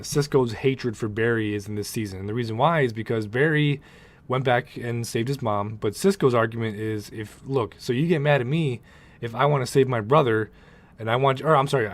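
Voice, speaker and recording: A young man giving a casual spoken review of a TV show, rambling, excitable and swearing often. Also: medium pitch.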